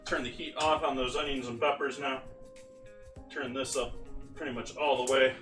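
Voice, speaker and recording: A man's voice: medium pitch, level tone, normal speed, fairly bright tone, soft background music. A man hosting a live cooking stream, chatting loosely with viewers while he works. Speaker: cooking livestream host. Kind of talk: casual live cooking chat.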